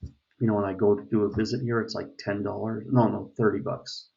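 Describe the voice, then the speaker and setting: A man's voice: fairly low pitch, flat delivery, brisk, gravelly, mellow. A middle-aged man from the United States giving a casual opinion monologue, rambling with many fillers and restarts. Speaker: vlogger. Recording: dull lo-fi recording.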